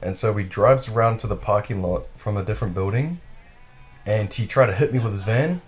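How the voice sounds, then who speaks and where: A man with a slightly low voice tells a wild story in relaxed podcast chat. He swears freely and talks animatedly, chuckling at his own tale. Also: brisk. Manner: animated, profane, laughs while telling.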